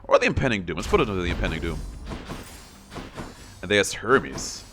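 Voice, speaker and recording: A man's voice: low-pitched, sing-song, brisk, noisy background. A young man giving casual commentary on his own gameplay, playfully taunting enemies as he goes. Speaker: gameplay streamer.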